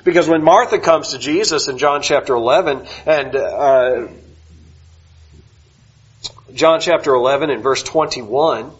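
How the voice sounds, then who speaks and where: Male preacher with a dynamic delivery and a mid-range voice; recording a bit muffled. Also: mid-range voice. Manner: dynamic, swings from loud emphatic to soft and slow. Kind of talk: sermon.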